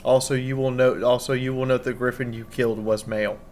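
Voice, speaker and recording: A man's voice: mid-range voice, level tone, brisk, a little mellow, slight background noise. A man running a tabletop game as game master, with casual, wry asides.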